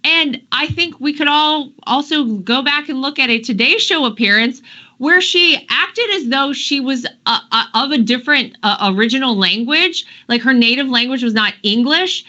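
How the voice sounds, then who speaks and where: Bright-voiced woman hosting a panel chat. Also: sits high, expressive, normal speed, highs cut off. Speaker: talk show host.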